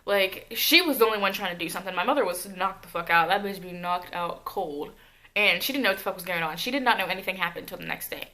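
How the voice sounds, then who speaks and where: A young woman vlogger retelling a personal story in a casual, profane, animated way. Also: mid-range voice, fast.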